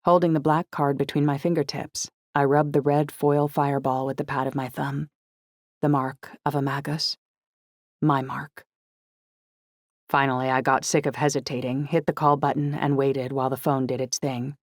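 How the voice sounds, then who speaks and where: An audiobook narrator reading a first-person novel in a reflective, even storytelling manner. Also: mid-range voice, normal speed, no echo, studio quality.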